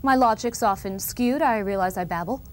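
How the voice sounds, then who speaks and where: A woman's voice: medium pitch, normal speed, lightly acted. A woman playing an earnest, precocious little girl who lectures her parents in a solemn, mock-formal comic monologue. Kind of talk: comedic monologue.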